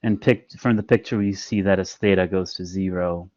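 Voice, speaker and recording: A man's voice: low-pitched, fairly even intonation, normal speed, a little mellow, dry recording, lo-fi sound. A man explaining a math lesson in an online class, patient and step by step with frequent fillers. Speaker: math instructor. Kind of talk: online lecture.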